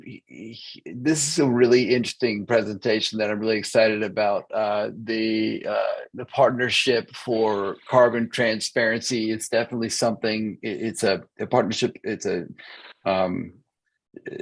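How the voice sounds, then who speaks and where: Host, male, creaky gravelly voice, halting casual delivery over a video call. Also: mid-range voice, steady tone, rough recording. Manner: hesitant, filler-heavy, restarts. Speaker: meeting host. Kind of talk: casual online meeting chat.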